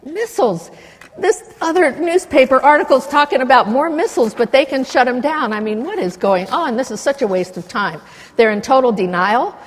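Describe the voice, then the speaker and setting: A woman's voice: high-pitched, expressive, brisk. An older woman giving an impassioned conference lecture, digressive and full of indignant asides. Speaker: conference speaker. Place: lecture hall with long reverb. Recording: reverberant hall recording.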